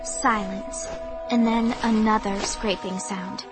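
Slow, suspenseful woman narrator. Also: mid-range voice, fairly even intonation, over music. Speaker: audiobook narrator. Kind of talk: first-person audiobook narration.

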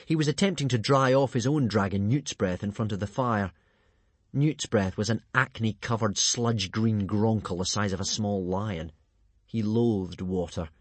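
A man reading a storybook aloud in a lively, expressive manner. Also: fairly low pitch, slightly rough, no room sound. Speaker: narrator.

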